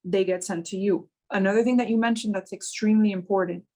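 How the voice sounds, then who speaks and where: A woman talks through her experience as a mortgage business owner. She tells stories with animation and slows deliberately on the points that matter, in an easy conversational interview. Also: medium pitch, rough recording. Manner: animated storytelling, slows down to stress key points.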